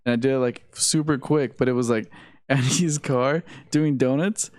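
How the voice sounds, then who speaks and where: Male podcast co-host, mid voice, relaxed profane chat, dry close sound. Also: mid-range voice, moderate pace, no room sound. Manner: laid-back, profane, laughs often. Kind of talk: casual chat.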